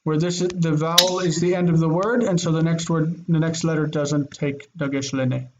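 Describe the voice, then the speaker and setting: A man's voice: on the high side, steady tone, normal speed, muffled recording, noisy background. A man teaching a Biblical Hebrew grammar lesson online, explaining with eager enthusiasm and thinking aloud. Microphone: video call.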